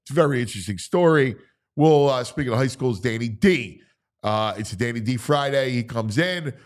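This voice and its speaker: A man's voice: medium pitch, expressive, a little fast. A man hosting a casual sports talk show, chatting loosely and laughing often. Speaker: radio show host.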